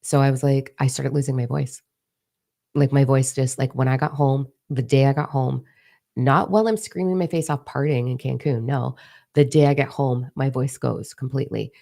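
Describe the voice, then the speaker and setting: A woman's voice: rumbling low, steady tone, moderate pace, vocal fry, warm tone. A woman retreat coach talking casually to her viewers, candid and emphatic, swearing freely. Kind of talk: casual direct-to-camera vlog talk.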